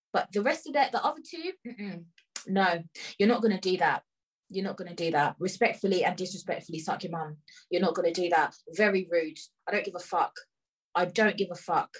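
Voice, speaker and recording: A woman's voice: mid-range voice, husky, rough recording. A woman hosting her own podcast, tired and upset, ranting heatedly in slangy speech and repeating phrases. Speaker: podcast host. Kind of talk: angry ranting monologue.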